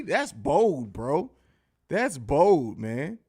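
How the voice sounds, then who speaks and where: A man with a fairly high speaking voice hosts a live sports stream. He talks in a loose, profane, casual way, laughing often and reading viewer comments aloud as he goes. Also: big pitch swings, slow pace, breathy edge. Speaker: podcast host.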